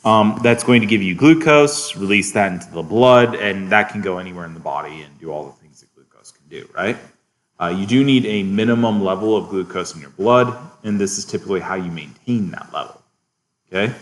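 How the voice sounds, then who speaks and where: Low-voiced man lecturing a class. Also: brisk. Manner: relaxed, checks in often with students; chuckles at his own asides. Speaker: biochemistry lecturer.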